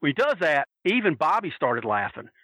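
Bright, animated man telling stories. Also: a little high, fairly quick, no room sound, poor audio. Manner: animated, acts out quoted voices. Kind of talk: casual anecdote telling.

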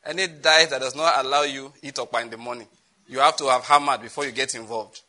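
A man's voice: mid-range voice, steady tone, fairly quick, pushed and bright, poor audio. A man preaching a sermon on prayer, chatty and often breaking into laughter. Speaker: pastor.

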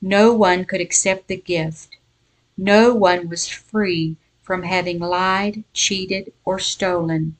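A woman giving a devotional Bible lesson and reading a folk tale aloud in a measured storytelling voice. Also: lowish voice, steady tone. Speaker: Bible teacher.

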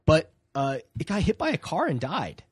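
A man's voice: a little high, huge pitch swings, normal speed, breathy edge, dry recording, clean studio sound. A man co-hosting a casual podcast, rambling and hesitant with lots of fillers. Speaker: co-host. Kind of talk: casual chat.

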